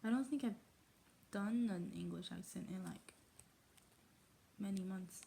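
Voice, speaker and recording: Woman, casual read-aloud, mock English accent, trips over words, mellow tone, faint background noise. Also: mid-range voice, a little slow, creaky, long pauses. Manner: stumbling over words, chatty self-mocking asides; attempting an English accent while reading. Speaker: reader.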